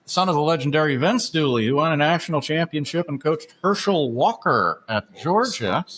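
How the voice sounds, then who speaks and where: A man's voice: a little high, lively intonation, normal speed, fairly bright tone. Chatty male sports podcast host. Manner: chatty, many "uh" fillers, laughs at his own asides. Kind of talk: casual sports chat.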